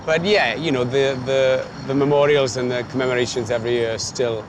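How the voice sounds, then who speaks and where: A Welsh man in his thirties, an actor guest telling stories in a casual interview, self-deprecating and quick to laugh. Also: mid-range voice. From Wales. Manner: animated storyteller, self-deprecating, laughs often. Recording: noisy background.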